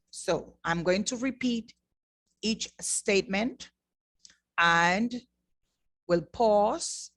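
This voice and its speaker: Her voice lowish and fairly bright, a woman models Spanish pronunciation by patiently repeating words during an online lesson produced in the Bahamas. The recording is dry.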